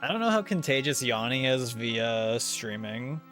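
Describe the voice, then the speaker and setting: A man's voice: medium pitch, big pitch swings, measured pace, fairly bright tone. A young man livestreaming a speedrun, chatting casually in a rambling way, full of fillers and chuckling asides. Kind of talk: casual chat while speedrunning. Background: game music.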